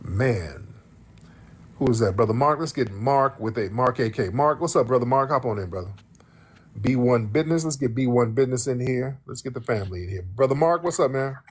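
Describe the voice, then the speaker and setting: A man's voice: mid-range voice, animated, brisk, breathy edge. A man from the United States hosting a livestream, ranting in heated, profane reaction commentary and repeating his points for emphasis. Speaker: livestream host.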